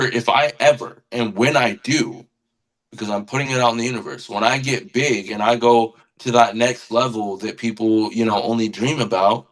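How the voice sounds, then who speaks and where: A man's voice: mid-range voice, a bit bright, rough recording. A man who is a guest musician on a podcast, talking with earnest passion and often repeating words as he searches for them. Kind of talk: casual podcast conversation.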